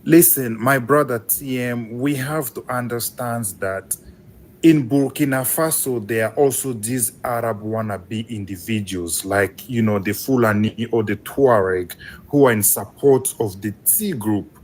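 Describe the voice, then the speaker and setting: A man's voice: mid-range voice, unhurried. A man from Congo, calling in to a live stream with impassioned, emphatic commentary. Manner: fervent, emphatic, rising with excitement. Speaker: caller. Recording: faint background noise.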